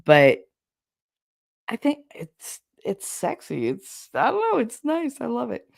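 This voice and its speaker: A woman's voice: on the high side, huge pitch swings, takes it slowly, vocal fry, dry recording, clean studio sound. A woman with a Chicago accent chatting on a livestream, rambling, losing her train of thought and laughing often. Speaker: livestream host. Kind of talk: casual livestream chat reading comments.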